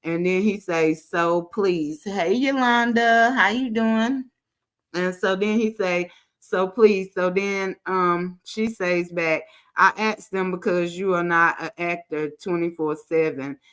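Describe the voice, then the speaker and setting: A woman's voice: on the low side, fairly even intonation, takes it slowly, clean tone. A woman casually commenting on a livestream, reading messages aloud in a drawl and greeting her viewers by name. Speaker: channel host reading screenshots to live viewers.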